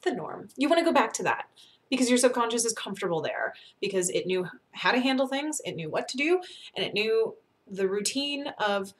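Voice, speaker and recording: A young woman from North Carolina giving casual advice to the camera, chatty and animated, laughing often and acting out what people think. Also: fairly high pitch, a little fast. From North Carolina, USA. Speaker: vlogger.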